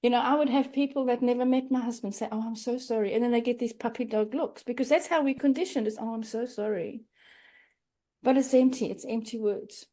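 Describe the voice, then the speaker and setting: A middle-aged woman talks earnestly as a podcast guest. Her voice sits a little high yet sounds mellow and soft-edged. She slips into little quoted voices as she explains. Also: fast talker, hardly any pauses. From Australia. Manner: earnest, acts out quoted phrases. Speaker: grief coach, guest. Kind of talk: podcast interview.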